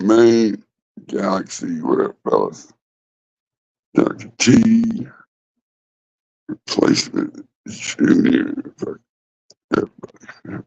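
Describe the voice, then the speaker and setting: A man's voice: deep voice, gravelly, darkish tone, dry recording. A man hosting a casual livestream from his phone, rambling and swearing bluntly. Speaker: livestream host. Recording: dull lo-fi phone audio.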